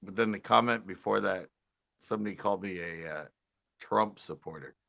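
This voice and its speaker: A man's voice: low-pitched, moderate pace, gravelly. A man from California hosting a fishing channel, chatting casually on a porch at night and laughing often. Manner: laughs often, relaxed storytelling. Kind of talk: casual chat. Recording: dull lo-fi sound.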